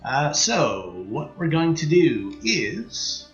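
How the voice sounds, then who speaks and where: A let's play streamer, a man with a Canadian accent, casually commentates on his strategy game, thinking aloud with many fillers and trailing, half-finished sentences. His voice is a little high, sing-song and slow, in a reverberant recording with highs cut off and faint music behind.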